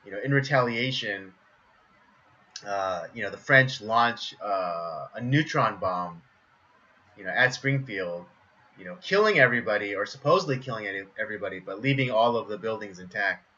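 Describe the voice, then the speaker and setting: A man with a bright, tense voice talking eagerly on a live podcast stream. He gets louder and more animated as he acts out favorite lines. The audio is dull and lo-fi. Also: lowish voice, normal speed. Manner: eager, gets loud and animated acting out quotes. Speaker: podcast co-host. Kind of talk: casual chat about cartoon episodes.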